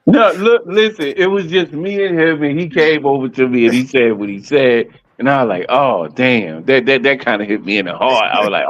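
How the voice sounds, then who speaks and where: A man's voice: mid-range voice, no echo. Guy guest on a video call, candid storyteller, kinda dull muffled audio, dry sound. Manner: candid, storytelling, many restarts. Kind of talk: casual interview chat.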